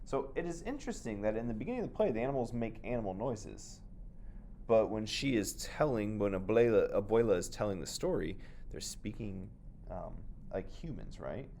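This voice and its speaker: Guy teacher talking through a play for his class, animated, thinking out loud. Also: on the low side, moderate pace, a little hiss or hum. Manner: explaining, thinking aloud. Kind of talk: reading aloud with commentary for a class.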